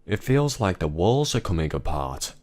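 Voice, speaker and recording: A man voicing a distraught grown woman who confronts her husband, pleading and then shouting, in a story narration. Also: sing-song, normal speed. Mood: puzzled. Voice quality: low voice pushed higher for a woman.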